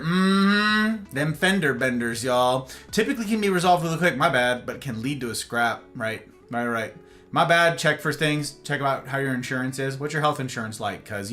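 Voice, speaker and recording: A man's voice: high voice, sharp tone. A man streaming live, reading out his chat and joking with viewers in a rambling, casual way. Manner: rambling, jokey banter with viewers.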